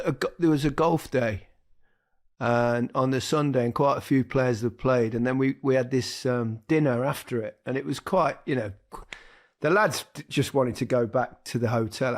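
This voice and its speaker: A man's voice: medium pitch, vocal fry. A middle-aged man hosting a casual football podcast, chatty and laughing along, often restarting sentences. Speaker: podcast host. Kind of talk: casual chat.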